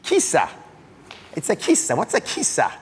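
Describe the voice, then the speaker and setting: A man's voice: a little high, wildly swooping pitch, moderate pace, in a large hall, slight background noise. A middle-aged man hosting a studio talk show, playful and jokey as he quizzes his guests. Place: TV studio with audience.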